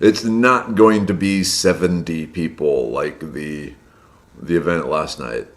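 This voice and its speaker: A man hosting a casual live stream from indoors at home, chatting and greeting viewers by name, his voice slightly hoarse. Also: a bass voice, slow. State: slightly hoarse from a long day of loud speaking.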